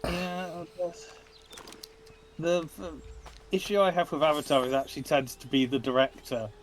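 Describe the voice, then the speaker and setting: Dry-joking man, slightly high voice. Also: little pitch movement, moderate pace, a little hiss or hum. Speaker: streamer playing the game. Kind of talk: casual gaming stream chat.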